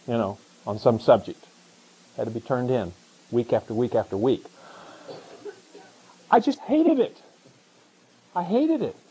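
Husky-voiced man preaching a sermon. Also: mid-range voice, poor audio. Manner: conversational preaching, swings from hushed to excited. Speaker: pastor.

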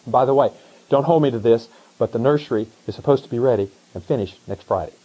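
A middle-aged man preaching a sermon as pastor, animated, pushing up into emphatic questions. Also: mid-range voice, fast, rough recording.

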